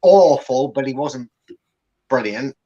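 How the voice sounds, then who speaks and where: A man's voice: mid-range voice, expressive, slow pace, dark tone, dull audio. Male co-host, mid-range voice, ranting casual football chat. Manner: ranting, acts out the manager and players in little put-on voices. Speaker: co-host and fan pundit. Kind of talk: casual post-match chat.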